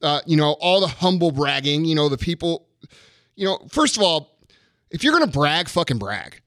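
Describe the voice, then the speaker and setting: A man's voice: a little high, sing-song, moderate pace, fairly bright tone, no room sound, clean studio sound. A man in his thirties hosting a podcast, ranting in a casual, profane and frustrated way. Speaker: podcast host.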